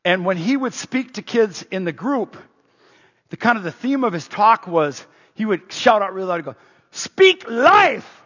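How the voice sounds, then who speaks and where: High-voiced preacher man in a reverberant hall. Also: normal speed, breathy edge. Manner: conversational, animated, with restarts. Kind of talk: sermon with personal storytelling. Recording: dull sound with long hall reverb.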